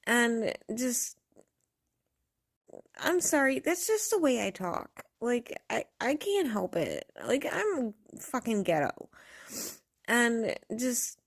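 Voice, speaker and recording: A woman's voice: a little high, sing-song, takes it slowly. A woman vlogger ranting casually to camera, blunt and profane, rambling and laughing often.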